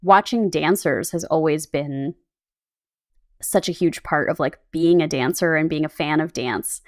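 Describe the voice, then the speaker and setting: A woman co-hosting a podcast in casual chat, animated and rambling, often laughing. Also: deep voice, measured pace. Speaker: podcast co-host. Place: Los Angeles.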